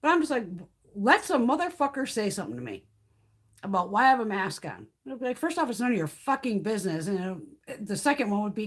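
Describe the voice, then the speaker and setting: Foul-mouthed woman with lively swooping pitch. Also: quick pace, husky. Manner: blunt, heavily profane storytelling; laughs through her stories. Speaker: makeup live stream host. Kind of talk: casual chat.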